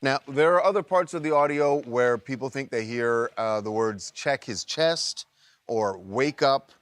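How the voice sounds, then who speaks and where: A man reporting, explaining events in a measured, methodical way. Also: mid-range voice, a bit bright, smooth, no echo. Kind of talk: explanatory narration.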